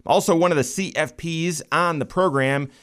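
Lively joking man hosting a finance show. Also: fairly high pitch, moderate pace, clean tone. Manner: lively, joking, animated emphasis. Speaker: radio show host and financial planner. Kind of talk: casual finance talk show banter.

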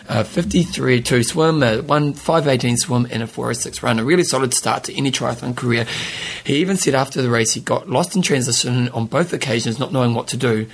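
Casual co-host: man, husky gravelly voice, laughs a lot, reads notes aloud. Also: mid-range voice. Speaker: podcast co-host. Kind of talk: casual chat.

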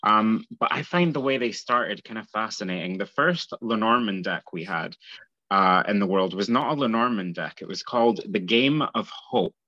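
A Scottish man with a lowish voice that still sounds bright and forward. He explains things in an easygoing, chatty way, recorded dry with a somewhat dull, lo-fi sound. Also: moderate pace, no room sound. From Scotland. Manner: easygoing, explanatory, with light laughs. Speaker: guest fortune teller. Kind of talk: casual interview conversation.

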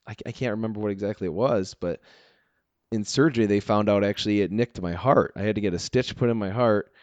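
A low-voiced man spins a wild story in a relaxed chat, chuckling often and sprinkling in "dude" and "like". The sound is close and dry with no room around it. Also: fast, no echo, muffled recording. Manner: animated storyteller, laughs often, says "dude" and "like". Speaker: guest telling a story. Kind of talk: casual chat.

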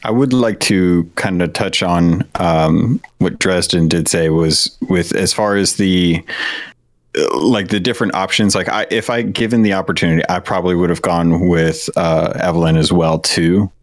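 Deep-voiced man talking slowly. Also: steady tone, dry recording. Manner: deliberate, drawn-out phrasing with fillers. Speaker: panel guest. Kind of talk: casual chat about video games.

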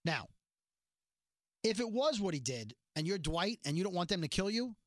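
A man's voice: sits high, dry recording, clean studio sound. A man casually recapping a TV episode, animatedly acting out the quoted lines. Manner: animated retelling with quick quoted voices. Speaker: podcast host recapping a TV episode. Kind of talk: casual chat.

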